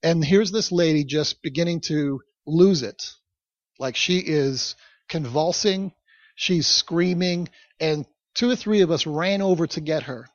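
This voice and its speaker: Chatty male pastor, slightly high voice. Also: a little slow, no echo. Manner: conversational, chatty asides to the congregation. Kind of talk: storytelling sermon. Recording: dull, dry recording.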